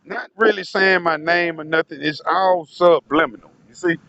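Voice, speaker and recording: Man, slightly higher voice, rambling vlog story, profane, keeps talking to viewers. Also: moderate pace, sharp tone, highs cut off, slight background noise. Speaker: vlogger. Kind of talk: casual storytelling monologue.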